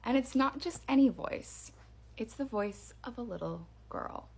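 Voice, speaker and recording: A woman's voice: a little high, expressive, a little slow, creaky, breathy edge. A woman casually telling a first-person scary story in a chatty way, with fillers and restarts.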